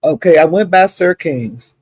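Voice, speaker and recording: A woman's voice: on the low side, expressive, unhurried, a little mellow, breathy edge, dry recording. A woman hosting a live stream, chatting casually about online drama, greeting viewers by name and calling them honey and child. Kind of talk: casual gossip commentary. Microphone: streaming setup.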